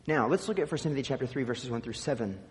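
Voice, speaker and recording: A man's voice: medium pitch, expressive, very fast, big-room sound. A man preaching a sermon, teaching with emphatic repetition and dry asides. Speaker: pastor.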